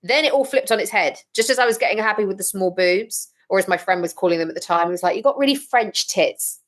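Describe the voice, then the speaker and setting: A woman talking as a podcast guest, telling her story frankly and with lively, blunt humour. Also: mid-range voice, quick pace. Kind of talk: casual interview chat.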